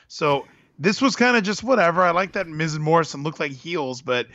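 A man's voice: fairly high pitch, lively intonation, brisk, sharp tone, dry recording, highs cut off. A man chatting casually about wrestling, rambling and correcting himself. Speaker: podcast co-host.

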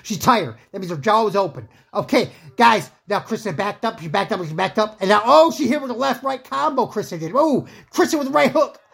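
Woman podcaster, mock fight commentary, gravelly husky voice, swings wildly in pitch, rambling and whooping. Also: moderate pace, few pauses. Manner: rambling, excitable, whooping and laughing at her own jokes. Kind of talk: joking amateur play-by-play commentary.

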